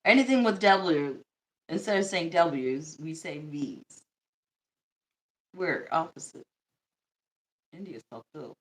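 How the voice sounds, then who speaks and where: A woman's voice: low-pitched, lively intonation, slow pace, long pauses. A young woman from the United States hosting a casual livestream chat, blunt and joking, laughing often and swearing freely. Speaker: livestream host.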